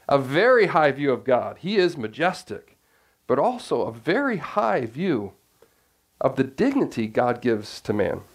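A man preaching a sermon as pastor, earnest, often restarting phrases and asking the congregation questions. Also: on the high side.

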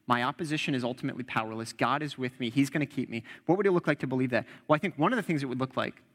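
A man's voice: mid-range voice, fairly bright tone, long reverb tail. A young man preaching an earnest, conversational sermon and quoting scripture.

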